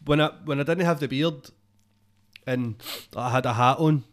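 A young man with a Scottish accent talks loosely on a podcast, circling back and checking in with his listener. His voice sits at an ordinary middle pitch. The chat is sweary and unpolished. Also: moderate pace. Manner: sweary, rambling, says "know what I mean" a lot. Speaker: comedian guest.

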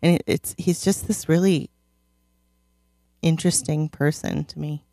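A woman's voice: low-pitched, steady tone, unhurried, creaky, mellow, no echo, studio quality. A woman chatting thoughtfully about a TV show as co-host, laughing easily. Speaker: podcast co-host. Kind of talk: casual chat about a TV show.

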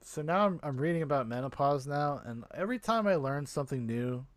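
A man in casual podcast chat, reading facts aloud with an amused, laughing edge. His voice is a touch higher than most men's. The sound is dry, with no room echo. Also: expressive, fairly quick. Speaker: podcast co-host.

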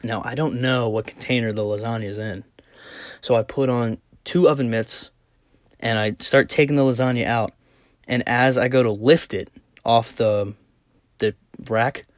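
A man's voice: medium pitch, no echo, studio quality. Profane young man rambling a story. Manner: rambling, profane, animated retelling. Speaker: podcast host. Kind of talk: casual solo storytelling. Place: small hot closet.

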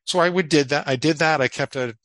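A middle-aged man, a psychologist guest on an interview podcast, telling his story in an animated way and acting out quoted inner dialogue. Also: on the high side, brisk, no room sound, low-quality recording.

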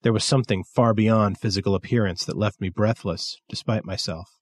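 A man narrating a science fiction story in a measured, steady reading style. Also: on the low side. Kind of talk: scripted narration.

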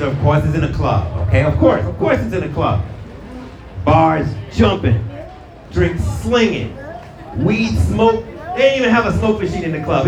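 A middle-aged male pastor from Brooklyn preaching to a live congregation in a loose, slangy storytelling way, stumbling over repeated words and calling out to the audience. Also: high-pitched. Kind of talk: conversational sermon. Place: church hall with live audience. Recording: roomy, from a distance, crowd audible.

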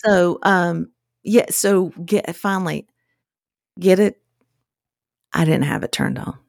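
A woman co-hosting a casual chat podcast, telling animated stories. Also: slow pace, creaky, dry recording, clean studio sound. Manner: animated storyteller, drawling, quotes people in high voices. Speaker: podcast co-host.

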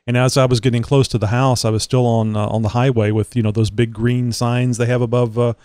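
A man's voice: mid-range voice, flat delivery, fairly quick, darkish tone, clean tone, no room sound, studio quality. A man hosting a podcast in casual chat, rambling and joking with many filler words. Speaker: podcast host.

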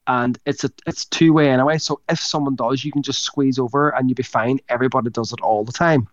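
A man's voice: mid-range voice, fairly even intonation, fast, no room sound. Man, casual podcast co-host, rambly and sweary, dry dull-sounding recording. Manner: rambling, sweary, laughs mid-sentence. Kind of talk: casual storytelling chat.

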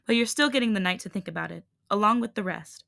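A woman reading a tired but firm young male hybrid leader in a calm, steady voice. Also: medium pitch, quick pace, gravelly, no echo, clean studio sound.

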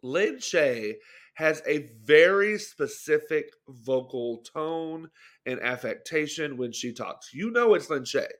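A man's voice: a little high, lively intonation, takes it slowly. A young adult man co-hosting a podcast, chatting casually about films, hedging and second-guessing himself with many restarts. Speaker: podcast co-host. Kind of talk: casual film chat.

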